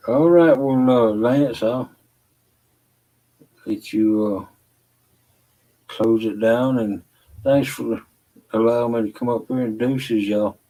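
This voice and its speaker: A man talking as a guest in a casual chat, slow and halting with many fillers. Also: medium pitch, fairly even intonation, warm tone, poor audio.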